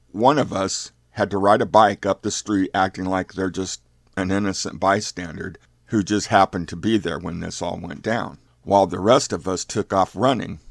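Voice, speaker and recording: An older man telling a youth story in a folksy, unhurried fireside manner. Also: deep voice, vocal fry, no echo, studio quality.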